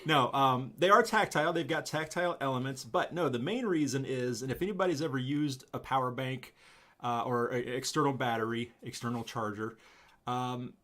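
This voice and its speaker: A man hosting a casual live stream, talking in a relaxed, chatty way and laughing often. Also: medium pitch, fairly quick. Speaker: channel host.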